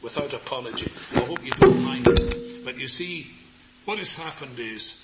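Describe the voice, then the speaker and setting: An older man preaching a sermon, tender and earnest, repeating his phrases and moving between soft words and raised ones. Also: medium pitch. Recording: muffled lo-fi sermon recording with faint hiss.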